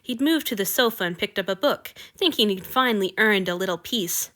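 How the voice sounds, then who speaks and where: Bright-voiced woman reading fiction aloud. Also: mid-range voice, animated, fairly quick. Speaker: narrator.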